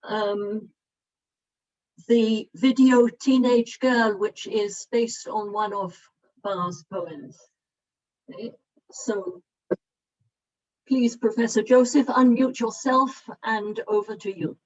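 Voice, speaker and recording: A woman hosting an online meeting, talking haltingly with many fillers while she sorts out settings on a video call. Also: on the high side, steady tone, dull audio. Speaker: event host.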